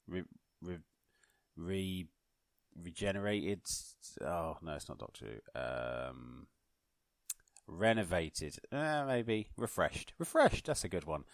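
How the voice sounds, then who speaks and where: A man's voice: sits low, dry recording, studio quality. A man hosting a solo podcast in a put-on posh newsreader manner, rambling and poking fun at himself. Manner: mock-posh newsreader delivery, self-mocking and rambling. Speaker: podcast host.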